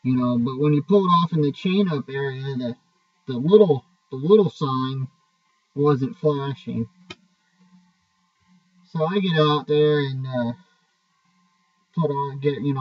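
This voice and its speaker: A man's voice: mid-range voice, a little slow, no room sound. A man who drives a truck, casually telling a story from the road with frequent swearing and restarts. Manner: rambling, profane, restarts often. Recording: dull, distant mic.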